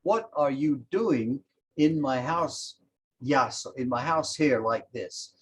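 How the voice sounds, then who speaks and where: A man's voice: medium pitch, expressive, slow pace, slight background noise, rough recording. A man voicing a frightened man who protests and insists in a told folk tale. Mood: indignant. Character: frightened man pleading with the devil.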